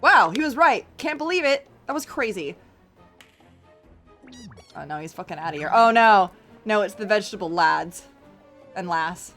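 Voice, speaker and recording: A woman streamer giving casual, excitable gaming commentary, laughing often and swearing freely. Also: mid-range voice, normal speed, faint music behind. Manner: giggly, swears a lot, excitable.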